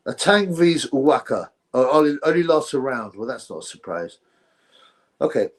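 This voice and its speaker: A man's voice: medium pitch, sing-song, moderate pace. Rambling sarcastic man streaming live. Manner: rambling, sarcastic, reads out chat. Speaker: livestream host. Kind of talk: casual livestream commentary.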